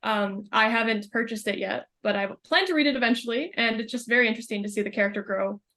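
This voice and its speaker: A young woman guest on a podcast, chatting casually and thoughtfully, often pausing to search for words. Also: a little high, pushed and bright. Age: young adult. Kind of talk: casual chat.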